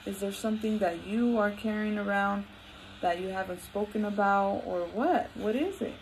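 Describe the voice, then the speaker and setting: A woman hosts a casual talk and tells a personal story with lively energy. She acts out what each person said and slips into Spanish now and then. Her voice sits at a middle pitch, with a faint background hiss. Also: moderate pace, rough recording. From Latin America. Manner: animated, acts out quotes, mixes in Spanish phrases. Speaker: podcast host.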